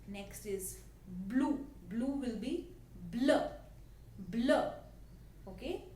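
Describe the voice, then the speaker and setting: A slow, patient woman with an Indian English accent teaches a language lesson and repeats each word, her voice set fairly high. She sounds a little distant in an echoey room. A faint hiss runs behind her. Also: warm tone. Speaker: French teacher.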